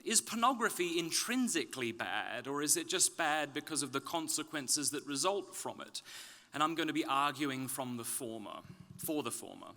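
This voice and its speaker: A man from Australia with a softened, slightly British-leaning Australian accent, giving a conference talk with self-deprecating jokes before turning earnest and explanatory. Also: fairly high pitch. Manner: joking, then earnest and explanatory. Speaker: speaker. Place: conference stage.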